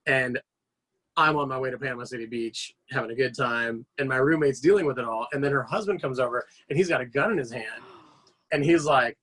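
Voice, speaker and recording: Speaking briskly in a husky, medium-pitched voice, a man on a podcast shares long casual stories. His telling is animated and meandering, with frequent fillers and restarts.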